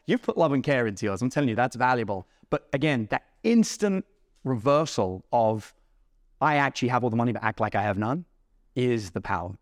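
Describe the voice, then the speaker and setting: Male podcast host, lively storyteller who acts out dialogue, mid pitch, dry close recording. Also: fast, no room sound. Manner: animated, acts out dialogue in his stories. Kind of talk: storytelling interview chat.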